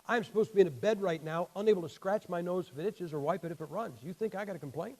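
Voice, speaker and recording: A man's voice: high voice, fast, hardly any pauses, darkish tone, rough recording. A man in his sixties preaching a sermon in a blunt, folksy, emphatic way, his damaged vocal cords leaving him short of air at the ends of sentences.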